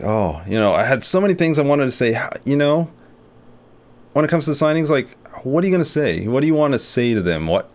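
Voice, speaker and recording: A man's voice: mid-range voice, a little mellow. A young man telling a story in a casual vlog, rambling with many fillers and restarts. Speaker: artist and video creator.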